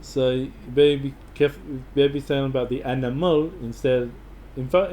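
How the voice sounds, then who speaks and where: An Australian man talks straight to the camera, offering casual advice with enthusiasm. He rambles, restarts and fills pauses as he goes, in a voice of middling pitch. A faint hum sits under his voice. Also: steady tone, a little mellow. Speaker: vlogger giving travel advice.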